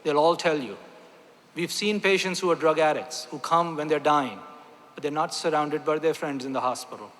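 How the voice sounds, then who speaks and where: A man's voice: fairly high pitch, normal speed, a bit bright. A man, a doctor, giving a motivational talk to a gathering, emphatic and repeating key phrases with rhetorical questions. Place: large hall with audience. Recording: echoey hall.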